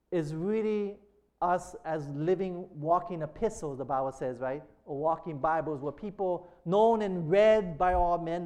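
High-voiced man preaching with "amen?" checks. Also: a little mellow. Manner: call-and-response preaching, frequent "amen?" checks; slows and lifts voice reading quotations aloud. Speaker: pastor. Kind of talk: sermon.

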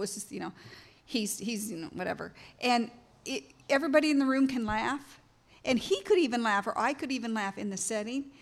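A woman with a slightly high voice, co-teaching about marriage with her husband. She talks in an earnest, explaining way. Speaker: co-host, wife of the teacher. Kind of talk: casual teaching talk.

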